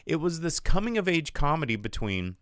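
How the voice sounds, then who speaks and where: A man hosting a podcast, rambling through a crude, animated film review in casual chat. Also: fairly high pitch, brisk, clean tone, dry recording, clean studio sound.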